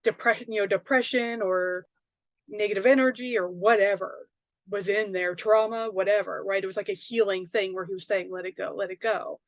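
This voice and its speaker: A woman's voice: medium pitch, fairly even intonation, moderate pace, dry recording. A woman, a psychic medium and author, telling a personal story in a casual, rambling way, full of fillers and tag questions.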